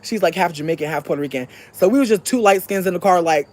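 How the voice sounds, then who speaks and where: A young adult podcast host telling a story in a casual, profane way, moving from soft-spoken to shouting. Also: medium pitch, quick pace, hardly any pauses, a little hiss or hum.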